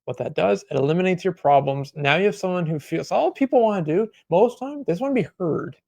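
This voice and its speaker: A man's voice: high-pitched, expressive, quick pace, vocal fry, warm tone, no echo. A man co-hosting a casual podcast about running a detailing business, telling rambling, sarcastic anecdotes. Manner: sarcastic, joking; rambling anecdotes full of acted quotes. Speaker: podcast co-host, auto detailing business owner.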